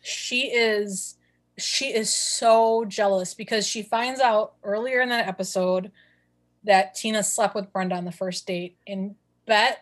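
A woman from southeastern Wisconsin, co-hosting a podcast in chatty, enthusiastic casual talk. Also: medium pitch. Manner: chatty, enthusiastic, repeats words for emphasis. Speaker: podcast co-host. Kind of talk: casual chat.

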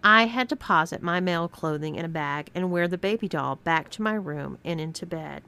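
A woman reading a scripted first-person story aloud as narrator, with expressive storytelling. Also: fairly low pitch, brisk, creaky, clear, resonant tone.

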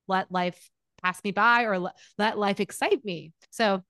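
Animated woman rambling in casual chat. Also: mid-range voice, measured pace, dry recording, clean studio sound. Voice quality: animated, rambling, says "like" often. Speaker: podcast guest.

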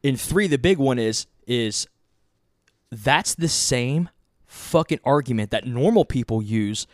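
A man's voice: mid-range voice, lively intonation, measured pace, dry recording, clean studio sound. Heated, rambling man in casual talk. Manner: rambling, heated, swears a lot, many restarts. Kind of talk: casual profane chat.

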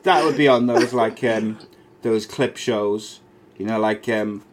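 A man's voice: fairly low pitch, unhurried, over a noisy crowd. A man co-hosting a podcast in chatty, joking casual banter, full of fillers. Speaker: podcast co-host.

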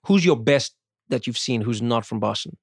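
South African guest, lively, jumps into voices, medium pitch, close dry mic. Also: male voice, normal speed, no room sound. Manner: animated, slips into impressions. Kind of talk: casual chat.

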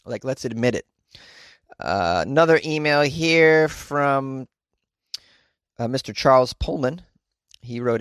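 A man's voice: medium pitch, slow pace, pauses often, a bit bright, smooth, no room sound, clean studio sound. A man hosting a comedy news podcast, chatting casually and joking while he reads out listener reviews and emails. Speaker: podcast host. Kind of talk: casual solo podcast chat reading listener mail. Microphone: home podcast mic.

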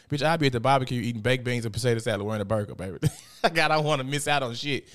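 A man's voice: medium pitch, fast talker, fairly bright tone. A young man hosting a live show, chatting casually and animatedly with lots of swearing. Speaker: show host. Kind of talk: casual live-stream commentary.

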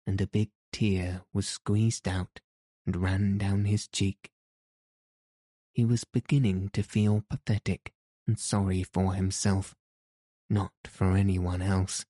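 A man reading a story aloud in measured, even scripted narration. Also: sits low, no room sound, clean studio sound. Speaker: audiobook narrator.

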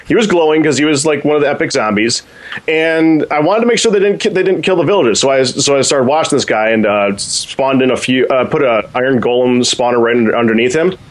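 A man on a podcast telling a rambling, excited story about a game, with many restarts. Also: mid-range voice, fast talker. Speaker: podcast co-host. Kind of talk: casual storytelling.

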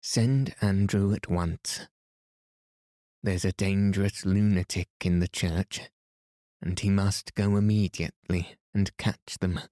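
A fussing, anxious vicar's wife pleads for her husband to stay, read by a man. Her voice stays low and slow, pleading and clinging, in a storybook telling. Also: fairly even intonation, mellow, no echo, clean studio sound.

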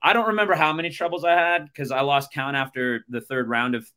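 A man's voice: on the high side, steady tone, fairly quick, pushed and bright, a little hiss or hum. A man in his thirties with an American accent, hosting a podcast and telling long, rambling stories full of fillers in casual chat. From United States. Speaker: podcast host.

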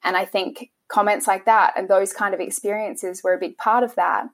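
A young woman, interviewed about her past, speaking in a soft, halting way and often restarting her sentences. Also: mid-range voice, steady tone. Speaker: interview guest. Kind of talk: emotional personal interview.

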